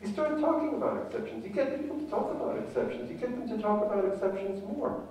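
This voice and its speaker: A man's voice: high-pitched, lively intonation, quick pace, darkish tone, slight background noise. A man giving a conference talk as a family therapist, engaging the audience with questions. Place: conference hall. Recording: echoey hall from far off.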